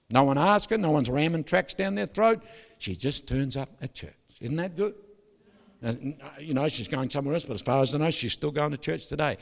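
A man preaching a sermon as a pastor, animated and joking, often asking the congregation to agree. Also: on the high side, creaky, long reverb tail. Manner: animated storytelling with jokes, asks the crowd "is that right?".

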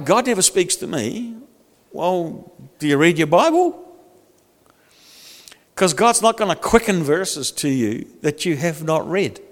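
An older man preaching a sermon in a lively, humorous, conversational way. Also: fairly high pitch, big-room sound. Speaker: pastor.

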